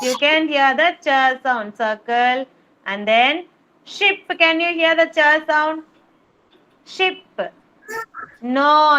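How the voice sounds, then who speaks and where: A woman teaching phonics to small children over a video call, sounding out letters slowly and patiently repeating words. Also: high-pitched, sharp tone, highs cut off. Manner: slow, drawn-out sounding of letters, patient repetition. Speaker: kindergarten teacher. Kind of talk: online phonics lesson for young children.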